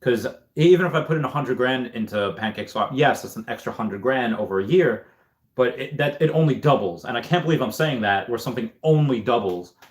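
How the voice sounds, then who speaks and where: A man hosting a casual livestream, reading chat comments aloud and thinking out loud in a rambling way. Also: mid-range voice, animated, fairly quick. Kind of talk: casual live-stream chat.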